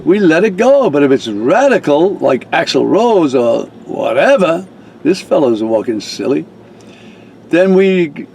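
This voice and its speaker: A man's voice: big pitch swings, a little slow, creaky, a little mellow, slight background noise, full character voice. A man putting on the voice of a stern, officious woman in charge of activities. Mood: lecturing. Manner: shrill, bossy, rule-bound.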